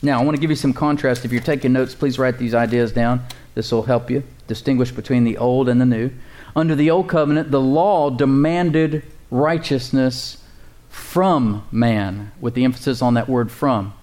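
A man preaching a sermon as pastor, calling out to the congregation and slowly repeating key phrases. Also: medium pitch, mellow.

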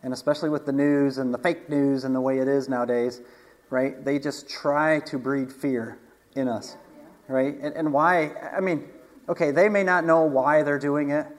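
A man's voice: a little high, steady tone, moderate pace, long reverb tail. A man preaching an informal sermon, telling a personal story in a chatty way with frequent laughter and restarts. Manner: chatty, laughs often, repeats words.

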